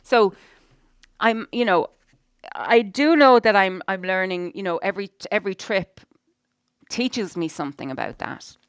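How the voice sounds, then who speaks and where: A woman's voice: medium pitch, animated, unhurried, smooth, no echo, clean studio sound. A middle-aged woman co-hosting a podcast in casual chat, rambling and frank, dropping lots of "you know"s and the odd swear. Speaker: podcast co-host.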